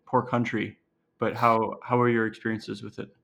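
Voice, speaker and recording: A man's voice: fairly low pitch, level tone, moderate pace, vocal fry, a bit bright. A man co-hosting a podcast, reacting to the guest with jokes and laughter. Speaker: podcast co-host. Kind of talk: casual interview chat.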